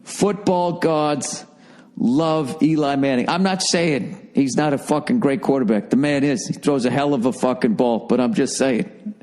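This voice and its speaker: A man's voice: mid-range voice, a little mellow. A man telling a profane, exasperated comedic story. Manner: profane, exasperated, rapid asides.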